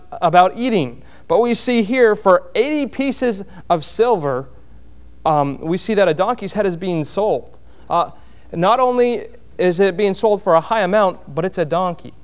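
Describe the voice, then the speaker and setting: A man preaching a sermon, explaining a Bible passage verse by verse in a plainspoken way, with frequent pauses and restarts. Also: sits high, clear, resonant tone. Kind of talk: sermon, expository Bible teaching.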